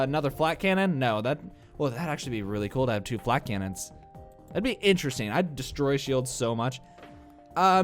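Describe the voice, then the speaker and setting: A young man with a Midwestern accent rambles through casual let's-play commentary, tossing in filler uhs and jokes at his own expense. His voice is smooth and clear, sitting a little higher than most men's, and slightly congested from allergies. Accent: Midwestern American. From American Midwest. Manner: rambling, self-mocking, many filler uhs. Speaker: gameplay commentator.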